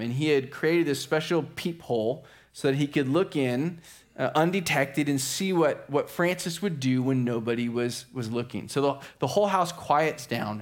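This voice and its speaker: A man preaching a sermon as a pastor, telling a story with lively acted-out quotes. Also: medium pitch. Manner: animated storyteller acting out quotes.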